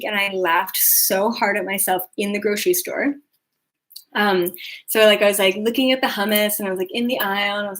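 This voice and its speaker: A woman's voice: on the high side, a bit bright. A young adult woman hosting a spiritual live video, talking casually with lots of fillers and acting out her own thoughts in quotes. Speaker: spiritual podcast host.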